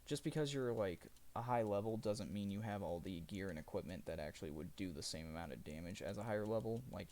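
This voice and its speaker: This live streamer has a low, creaky, somewhat mellow voice as he chats casually about a video game. His gamer talk rambles, and he frequently fixes what he's saying partway through. There's slight background noise.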